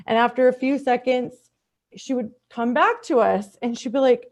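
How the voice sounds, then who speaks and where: A middle-aged woman with a fairly high voice shares a personal story as a podcast guest. She speaks earnestly and from the heart, circling back and restarting her phrases as she goes. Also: fairly even intonation, normal speed, muffled recording. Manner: acts out quoted speech in a higher, softer voice.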